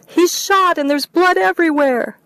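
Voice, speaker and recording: A woman's voice: moderate pace, a bit bright, no room sound. A woman reading a novel aloud, voicing a hysterical, sobbing woman on the phone. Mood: panicked. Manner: shrill, wailing.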